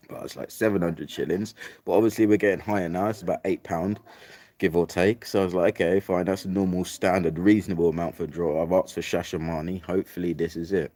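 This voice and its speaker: Young man, very low voice, casual rambling storyteller, swears a lot. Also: dark tone. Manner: sweary, rambling, repeats "like, literally" and "mate".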